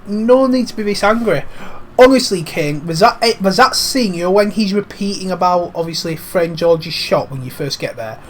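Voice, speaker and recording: Rambling gamer with a cold. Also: male voice, high-pitched, expressive, moderate pace, slight background noise. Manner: cheeky, rambling, swears lightly. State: has a cold. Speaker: gaming commentator. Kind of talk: casual let's-play commentary.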